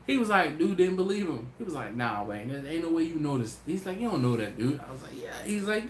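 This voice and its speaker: A tired man hosting a casual livestream, telling stories in a lively way and doing voices for his friends. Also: on the high side, brisk. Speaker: BBQ channel host. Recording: echoey room with faint noise.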